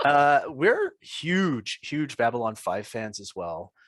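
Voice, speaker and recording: A man co-hosting a casual interview podcast, relaxed and quick to laugh between his questions. The recording is dry, with almost no room sound. He talks in an easy, conversational way. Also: medium pitch, no room sound. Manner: easygoing, laughs often. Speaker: podcast co-host.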